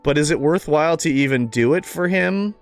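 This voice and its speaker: A man's voice: on the high side, brisk, faint music behind. A Canadian man with a Canadian accent chatting casually while streaming a game, joking and dropping profane asides.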